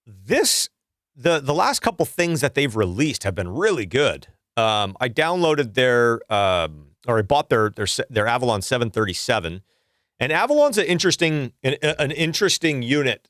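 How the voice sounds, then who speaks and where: Studio-quality audio with no room sound captures a middle-aged livestream host and music producer whose mid-range voice has a slight brightness. He rants profanely and rambles, all fired up, restarting often as he goes.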